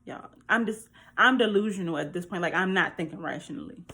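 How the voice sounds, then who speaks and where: A woman vlogger speaks straight to her viewers, telling a personal story to camera in a chatty, animated way. Her voice is fairly low in pitch, brisk, and has a breathy edge.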